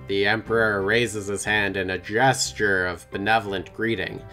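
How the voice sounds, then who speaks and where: A man narrates a text game play-through, reading its story aloud and joking casually between passages, playful and quick to laugh. His voice is on the low side, bright and forceful, though his delivery is flat, and faint music plays behind him.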